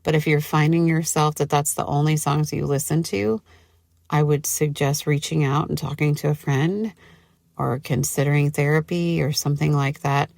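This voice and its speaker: Woman podcast host, low gravelly voice, chatty and gushy, says like a lot, dry close sound. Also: fairly even intonation, normal speed, a little mellow, no room sound. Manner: chatty, gushing, lots of "like". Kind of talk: casual solo podcast talk.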